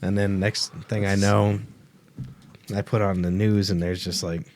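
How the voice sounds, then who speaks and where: A man's voice: lowish voice, little pitch movement, measured pace, darkish tone, slight background noise. A man co-hosting a comedy podcast, telling a story in casual chat and acting out what other people said. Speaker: podcast co-host.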